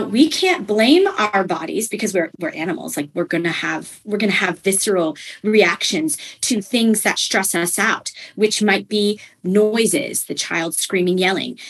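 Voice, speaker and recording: A young adult woman with a husky, slightly breathy voice speaks as a parenting coach in an interview. She explains earnestly and conversationally, with plenty of fillers, at a medium pitch. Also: low-quality recording.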